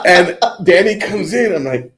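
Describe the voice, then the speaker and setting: A man, a comedian, telling stories in a casual comedy chat, animated and laughing through his lines. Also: on the high side, very noisy.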